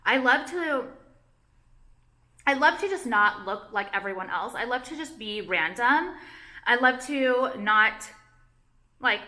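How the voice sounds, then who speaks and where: A woman's voice: fairly high pitch, lively intonation, a little slow, long pauses, sharp tone. A young woman vlogger chatting casually to camera, rambling and anxious, cutting herself off and filling gaps with "like". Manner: rambling, self-interrupting, heavy use of "like", anxious. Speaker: vlogger and jewelry designer.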